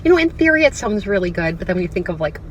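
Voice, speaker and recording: A woman with a Chicago accent hosting a casual vlog chat inside a car, animated and quick to laugh. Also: medium pitch, slight background noise, poor audio. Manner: chatty and animated, often laughing. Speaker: vlog host.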